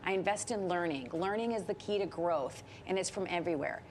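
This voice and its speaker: A woman's voice: lowish voice, brisk, a little mellow, a little hiss or hum. A woman in her fifties from Minnesota, a guest author on a TV interview, coaching listeners emphatically with rhetorical questions. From Minnesota, USA. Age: 50s. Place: TV studio.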